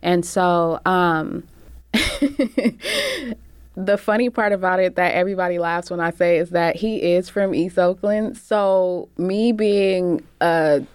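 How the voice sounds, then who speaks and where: Brief: young woman artist, lower voice, dry studio sound, animated slangy storyteller. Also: unhurried, few pauses, clear, resonant tone, no echo. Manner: animated, slangy, acts out quotes. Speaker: recording artist guest. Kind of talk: casual storytelling.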